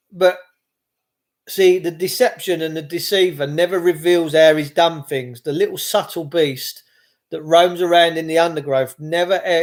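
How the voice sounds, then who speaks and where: Man, middle-aged, high-pitched, rambling, impassioned, repetitive. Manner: impassioned, repetitive, with frequent restarts. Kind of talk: rambling monologue to camera.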